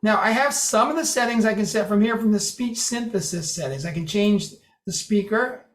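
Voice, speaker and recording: A man casually walking a group through software settings, with dry humor and little mimicked phrases. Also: high-pitched, normal speed. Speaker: presenter demonstrating speech software. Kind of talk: casual group meeting talk. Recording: roomy echo.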